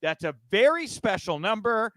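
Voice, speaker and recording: He speaks in a high-set, slightly bright voice with big pitch swings at a moderate pace, recorded with no echo. Hosting a wrestling news podcast, he chats casually and giggles at his own rambling jokes, often mocking himself.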